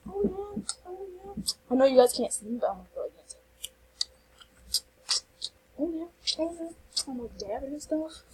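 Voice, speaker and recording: A woman hosting a casual game vlog, talking over her screen, gushing and excitable, saying "like" and "literally" a lot, with sudden whispered asides. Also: on the high side, husky, rough recording. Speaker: channel host.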